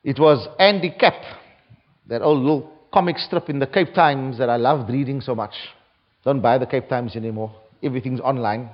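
A man preaching a sermon, reading scripture aloud with a dramatic delivery, from South Africa. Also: a little high. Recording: dull lo-fi recording.

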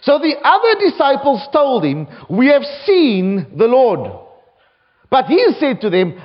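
A man's voice: very high voice, huge pitch swings, measured pace. A man preaching a sermon, reading scripture aloud with a dramatic delivery, from South Africa. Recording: dull lo-fi recording.

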